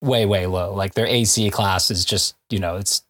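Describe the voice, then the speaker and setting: A man's voice: sits low, steady tone, normal speed, a bit bright. A man co-hosting a comic book podcast, recapping issues in a casual, jokey way with frequent laughs and asides. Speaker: podcast co-host.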